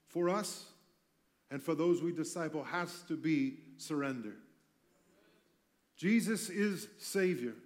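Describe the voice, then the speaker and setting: Man, preacher, sermon, fairly high voice, fervent, loud-soft swings, humorous asides. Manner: passionate, with wide swings in loudness and light humorous asides.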